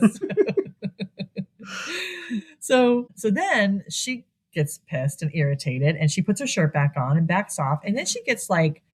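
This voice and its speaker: A woman with a slightly low voice chats her way through a movie recap on a podcast. She tells it animatedly, dropping into quick put-on voices for each character and breaking into laughs along the way. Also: slightly rough. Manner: animated retelling, acting out lines in quick voices, laughs often. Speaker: podcast co-host. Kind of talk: casual movie recap chat.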